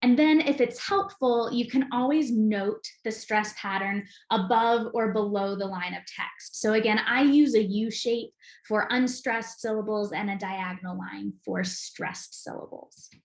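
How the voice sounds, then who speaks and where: A woman giving an enthusiastic, clear recorded lesson as an acting teacher. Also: medium pitch, unhurried, echoey room.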